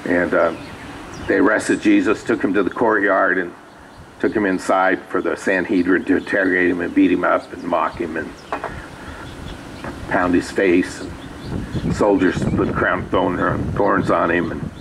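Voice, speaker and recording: Man, pastor, very low pitch, conversational sermon, faint background noise. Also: flat delivery, a little slow, vocal fry, fairly bright tone, low-quality recording. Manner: conversational storytelling with asides. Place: small rural church.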